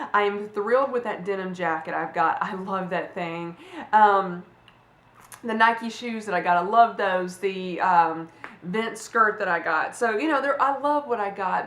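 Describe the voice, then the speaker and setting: A woman's voice: medium pitch, a bit bright. A woman in her forties, a fashion vlogger chatting casually to camera, rambling with restarts and fillers. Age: 40s. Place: room at home. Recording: echoey room.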